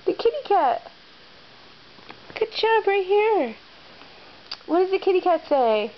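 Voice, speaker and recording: A woman's voice: very high voice, sing-song, slow, muffled recording, a little hiss or hum. A mother reading a picture book to her toddler in a sing-song, coaxing baby-talk voice.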